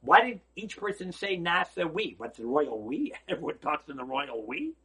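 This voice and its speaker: A man teaching a holiday Torah lecture as a rabbi. He is emphatic and preacherly, asks rhetorical questions, and swings between loud exclamations and quiet asides. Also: a little high, sing-song, moderate pace, husky.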